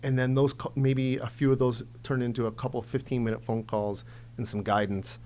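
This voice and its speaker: A man's voice: mid-range voice, level tone, a little fast, darkish tone, a little hiss or hum. Candid man in his forties. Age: 40s. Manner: candid and emphatic, with frequent "like" and "um". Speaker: entrepreneur guest. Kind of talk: casual interview conversation.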